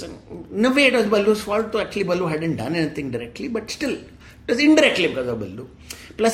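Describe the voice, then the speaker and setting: Chatty storyteller. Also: male voice, on the high side, a little hiss or hum. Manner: chatty, animated, with asides. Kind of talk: casual oral storytelling.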